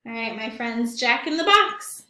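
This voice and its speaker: A woman with a high voice leads a children's song and movement session. She speaks slowly and encouragingly, breaking into short sing-song rhymes. The room sounds echoey. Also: expressive. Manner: bright, encouraging, sing-song with little songs. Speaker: children's librarian leading story time. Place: at home, recorded remotely.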